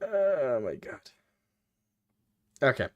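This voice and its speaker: A man's voice: mid-range voice, very animated, very slow, dry recording, muffled recording. A male live-stream host reacting to a clip, profane and mocking, laughing often as he talks.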